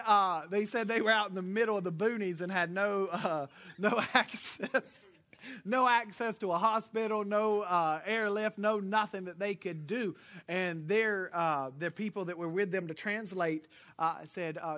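A man's voice: high voice, moderate pace, pushed and bright. A man preaching a sermon to his congregation in a church, quizzing the listeners and chuckling at his own jokes. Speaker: pastor. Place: church service before a congregation.

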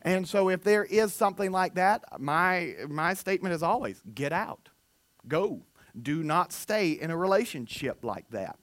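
A man, preaching a sermon as pastor, lively and self-mocking. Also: high-pitched, a little slow, no room sound. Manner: animated, self-mocking, with put-on quotes of listeners. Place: church.

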